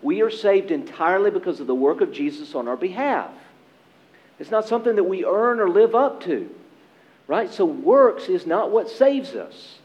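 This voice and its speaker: A man preaching a sermon as pastor, earnest and emphatic, with dramatic pauses. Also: sits high, very animated, dull audio.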